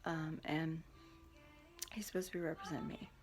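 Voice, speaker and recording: A woman's voice: low-pitched, fairly even intonation, moderate pace, music in the background. A woman telling a long story in a casual vlog, rambling and profane, often acting out what others said. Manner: rambling, heated, profane, quotes others in dialogue. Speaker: parent recounting a custody court hearing.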